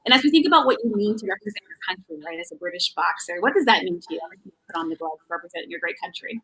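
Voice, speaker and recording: A woman hosting a sports talk show, her voice bright and forward. She talks quickly and gushes encouragement at her guest. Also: fairly low pitch, lively intonation, slightly rough, poor audio. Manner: effusive, encouraging. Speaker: host.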